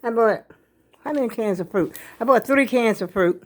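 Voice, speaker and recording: A woman's voice: fairly high pitch, moderate pace. An older woman, chatting casually to her viewers in a rambling way, a bit out of breath. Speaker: vlogger. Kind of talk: casual vlog chat.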